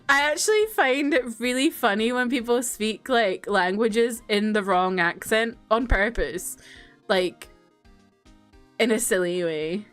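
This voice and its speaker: A woman's voice: fairly high pitch, slow pace, pauses often, a bit bright, soft background music. A woman streamer chatting casually while playing a game, giggling often. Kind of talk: casual let's-play commentary.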